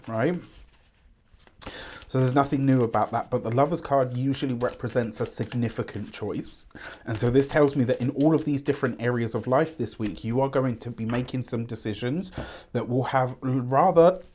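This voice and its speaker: Man, mid-pitched voice, tarot host who chats loosely with lots of asides. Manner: warm, rambling, fond of fillers and asides. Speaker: tarot reader. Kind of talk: chatty tarot reading to camera.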